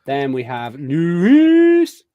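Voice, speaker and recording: A man hosting a casual live show, chatting warmly through a long list of viewer greetings. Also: fairly high pitch, huge pitch swings, takes it slowly, narrow, tinny audio. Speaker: podcast host. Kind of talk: casual live-stream chat.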